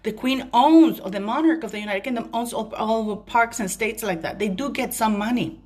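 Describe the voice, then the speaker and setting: With a voice on the high side, a little mellow and at a moderate pace, a Commonwealth-country woman vlogger rants emphatically about her opinions to her viewers. Every so often she stops to say sorry for ranting.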